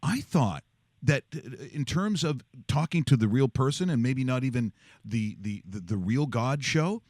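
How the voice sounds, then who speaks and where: Male podcast host, chatty and rambling, pitch swinging a lot, dry close sound. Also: expressive, normal speed, a little mellow, no echo. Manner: enthusiastic, rambling with many fillers. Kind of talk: casual interview chat.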